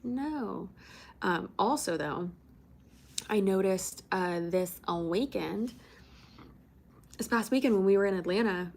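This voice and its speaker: A young woman from Florida chatting casually on a livestream, rambling with many fillers and casual swearing. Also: medium pitch. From Tampa, Florida. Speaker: livestream host.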